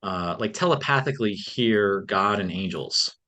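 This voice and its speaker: A man's voice: fairly low pitch, expressive, moderate pace, sharp tone. Earnest man sharing as a podcast guest. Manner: earnest, reflective, many fillers. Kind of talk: casual interview talk.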